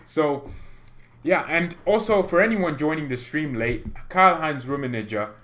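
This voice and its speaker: A man hosting a football fan livestream, talking in a rambling, excitable way with lots of restarts. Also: fairly high pitch, measured pace. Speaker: fan channel host.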